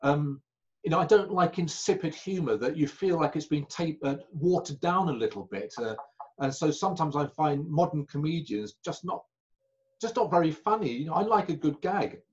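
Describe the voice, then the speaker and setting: A man telling anecdotes as an interview guest. He talks in a halting way and corrects himself often, over a video call. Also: fairly high pitch, lively intonation, muffled recording. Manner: chatty raconteur, halting and self-correcting. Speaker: magician guest.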